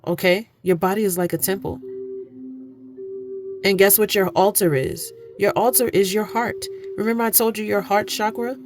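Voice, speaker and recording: A woman's voice: mid-range voice, steady tone, moderate pace, music in the background. A woman giving an oracle card reading, earnest and preachy, repeating phrases for emphasis. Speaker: spiritual card reader. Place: indoor room, candles lit.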